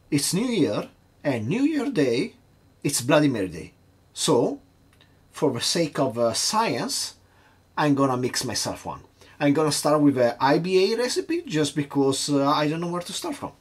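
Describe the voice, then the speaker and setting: Lively-voiced man hosting a cocktail vlog. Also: on the high side, husky. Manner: chatty, hesitant, nervously self-mocking. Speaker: home bartender host. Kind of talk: casual cocktail-making vlog.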